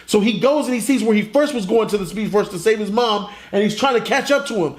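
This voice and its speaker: Animated, profane comic reviewer, a man. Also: high-pitched, fast. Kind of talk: casual retelling. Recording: roomy echo.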